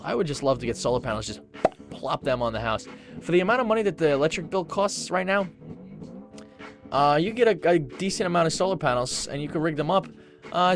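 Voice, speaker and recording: A rambling male host talks loosely into a webcam mic at home, his voice sitting a bit high for a man. He reads posts aloud and breaks off into asides, full of fillers. Faint music plays behind him. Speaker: internet radio host. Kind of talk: casual rambling webcam talk. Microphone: webcam microphone.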